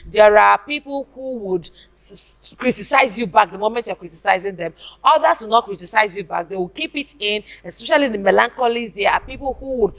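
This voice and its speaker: A woman's voice: medium pitch, fairly quick, gravelly, few pauses. A woman speaking directly to her viewers in an earnest, repetitive motivational talk, asking questions and answering them herself.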